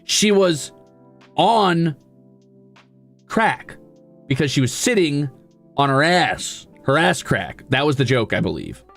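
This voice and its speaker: A man streamer in casual chat, telling an animated story with plenty of laughs. His pitch swings widely while he acts out the scene. Faint music plays under his voice. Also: normal speed, gravelly.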